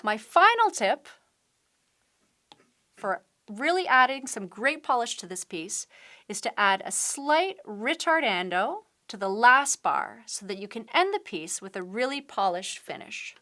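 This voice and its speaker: A woman's voice: fairly high pitch, big pitch swings, unhurried, bright, forceful tone. A woman piano teacher giving a patient, step-by-step tutorial, explaining techniques while she demonstrates at the keyboard. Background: piano playing.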